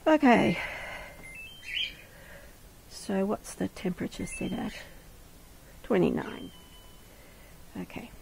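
A woman's voice: mid-range voice, slow, creaky, long pauses, dark tone, a little hiss or hum. An Australian woman who cares for wildlife, cooing tenderly to a rescued animal with pet names, indoors at home. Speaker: wildlife carer.

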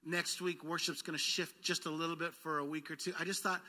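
Male pastor, slightly high, very bright voice, lively sermon delivery with call-and-response. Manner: engaging the congregation for call-and-response; lively, quick bursts then slowed words. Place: church sanctuary.

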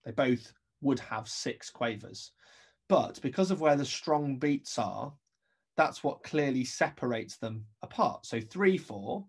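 A man's voice: mid-range voice, animated, a little slow, gravelly, slightly rough. A man teaching an English-accented remote music lesson, explaining step by step and counting beats aloud.

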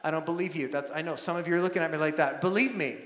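A man in his thirties preaching a sermon in a church, animated, acting out family scenes with bursts of shouting. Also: on the high side, very fast. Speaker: pastor. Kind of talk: sermon with storytelling. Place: large church auditorium. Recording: echoey hall with long reverb.

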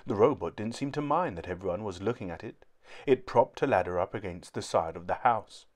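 A man reading a children's book aloud in a clear, steady storytelling manner. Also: lowish voice, fairly quick.

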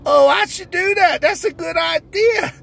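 A man voicing an overjoyed, simple-minded man with a drawl, who shouts and cries with joy. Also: very high voice, unhurried, vocal fry, voice pushed up, full character voice.

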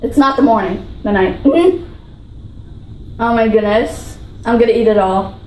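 A high-voiced woman gushes over food in an excitable vlog, bubbly and repeating her praise. Her voice rings in an echoey room, with a faint hiss behind it. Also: unhurried. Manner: bubbly, gushing, repeats herself. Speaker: vlogger.

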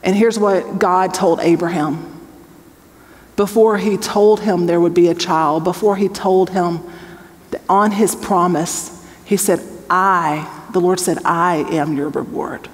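A woman's voice: on the low side, fairly even intonation, slow pace. A woman in her forties, a Bible teacher, giving an earnest, conversational testimony sermon and often checking in with her audience. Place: large hall with an audience. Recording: long reverb of a large hall.

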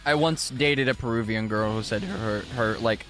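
A man's voice: mid-range voice, normal speed, fairly bright tone, soft background music. A young man streaming a game live and chatting with his viewers, exclaiming often and using casual slang.

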